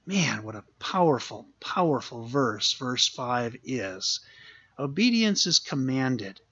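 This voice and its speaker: A man's voice: mid-range voice, big pitch swings, slow pace, a bit bright, breathy edge. Earnest preacher man, dull lo-fi sound. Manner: earnest, repeats key phrases for emphasis. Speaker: pastor. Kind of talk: sermon.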